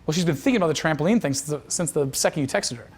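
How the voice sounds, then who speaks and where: A man's voice: fairly high pitch, expressive, racing, a little mellow, slightly rough. A man telling a dating coach's story as a lesson, casual and profane, with lots of fillers. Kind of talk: instructional storytelling.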